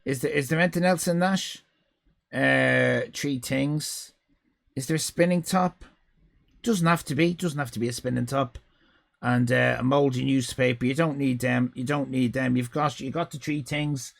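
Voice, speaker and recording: Speaking at normal speed with a medium-pitched voice, a fiftysomething Irishman streams live and yells profane, fake-indignant banter at his chat until his voice turns hoarse.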